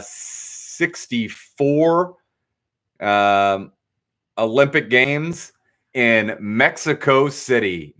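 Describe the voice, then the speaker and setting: A young man hosting a casual live trivia night, reading out answers with relaxed asides and self-corrections. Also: mid-range voice.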